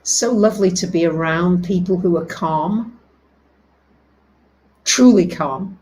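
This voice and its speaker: A woman hosting a live astrology talk, speaking, reading out viewers' comments and dropping soft and low for calm affirmations. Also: slow pace, low-quality recording. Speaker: astrology host.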